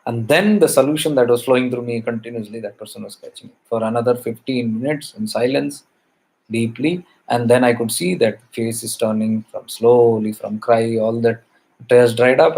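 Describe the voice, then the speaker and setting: A man's voice: mid-range voice, normal speed, creaky, darkish tone, rough recording. A man, a spiritual teacher telling a story in an emphatic way, repeating phrases for stress.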